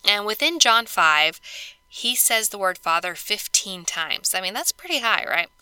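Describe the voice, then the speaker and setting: A woman's voice: medium pitch, very animated, unhurried, pushed and bright, smooth, dry recording. A woman hosting a podcast, talking through scripture stories in a chatty, earnest way with lots of fillers. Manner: chatty, earnest, many "you know" and "like" fillers. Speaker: podcast host. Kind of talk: casual scripture study talk.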